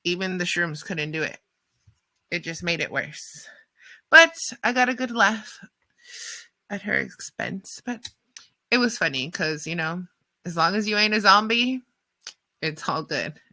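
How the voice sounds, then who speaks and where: A woman radio host telling a rambling story in a casual, animated way, full of fillers and acted-out quotes. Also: lowish voice, a little slow, pauses often, no room sound.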